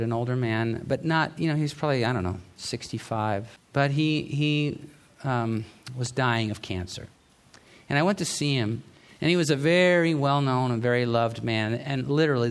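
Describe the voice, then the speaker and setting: A middle-aged male pastor giving a sermon in a conversational, storytelling way, often restarting his sentences. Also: mid-range voice.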